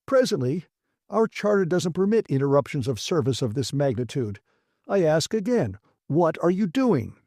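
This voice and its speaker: A man's voice: fairly high pitch, big pitch swings, moderate pace, warm tone, no room sound, studio quality, pitched above the performer's own voice. A man narrating an audiobook, voicing a hot-tempered male engineer who snaps and commands. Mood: angry. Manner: snapping, commanding, exasperated. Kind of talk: audiobook character voice.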